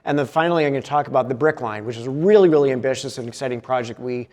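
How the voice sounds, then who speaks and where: In a conference hall, a man delivers a presentation packed with uhs and restarts. His voice sits at medium pitch with a darkish tone, and he races along while the big room adds its own sound.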